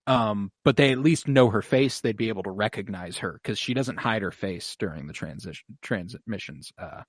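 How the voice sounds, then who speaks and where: A man's voice: lowish voice, moderate pace, dry recording, studio quality. A man co-hosting a podcast, chatting casually and gushing with enthusiasm. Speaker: podcast co-host. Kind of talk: casual fan chat.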